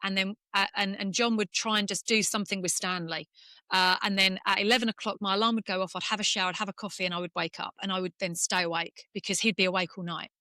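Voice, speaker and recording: A middle-aged English woman, a former golfer, talking candidly in an interview and speaking in quick, emotional bursts with restarts. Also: mid-range voice, steady tone, bright, forceful tone, no room sound, studio quality. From England. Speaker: former professional golfer, guest.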